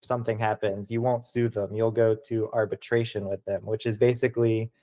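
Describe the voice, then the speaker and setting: A man's voice: on the low side, brisk. A young man answering interview questions casually, full of "like" and "kinda". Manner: relaxed, many "like" and "kinda" fillers.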